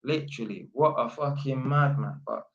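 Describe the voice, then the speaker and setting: A man's voice: mid-range voice, normal speed, highs cut off. A man, an electrician telling a long, slangy, rambling story for his vlog, full of fillers and restarts. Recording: roomy echo.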